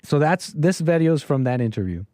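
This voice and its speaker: A man's voice: a little high, sing-song, normal speed, mellow, no room sound. A man hosting a call-in livestream, reacting to clips in casual, rambling commentary with many fillers and a sarcastic, dismissive edge. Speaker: livestream host taking calls.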